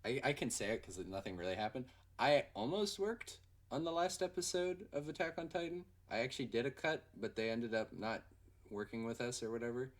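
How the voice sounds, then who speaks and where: A young man hosting a casual livestream Q&A, rambling and excitable with lots of fillers. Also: mid-range voice, brisk. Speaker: livestream host and animator.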